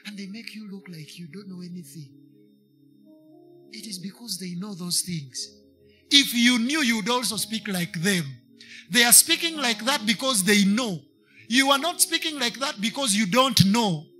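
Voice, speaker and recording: A man's voice: sits high, expressive, moderate pace, pushed and bright, faint music behind. A man with a Kenyan English accent preaching a sermon to a congregation, slipping into Swahili and repeating lines for emphasis.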